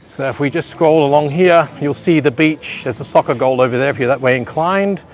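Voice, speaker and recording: A man livestreams a rambling walking tour around a beach resort's outdoor pool area, chatting to viewers at home. His voice is fairly high and brisk, picked up on a handheld phone camera.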